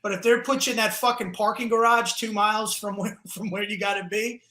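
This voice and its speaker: A man with a New Jersey accent, telling animated stories in a casual podcast chat and swearing freely. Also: high voice, brisk, roomy sound. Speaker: guest comedian.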